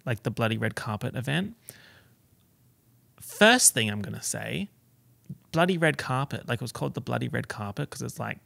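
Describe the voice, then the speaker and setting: An Australian man hosting a solo podcast, chatting in a camp, sassy, expressive way with big swings in pitch. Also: gravelly, no room sound. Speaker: podcast host. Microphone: podcast microphone.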